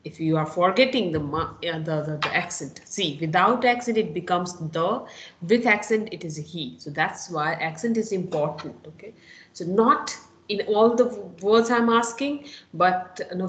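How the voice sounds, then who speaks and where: A woman's voice: lowish voice, reverberant, slight background noise, rough recording. A woman teaches a Spanish lesson, explaining step by step and often checking in with "no?" and "okay?". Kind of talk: online lecture.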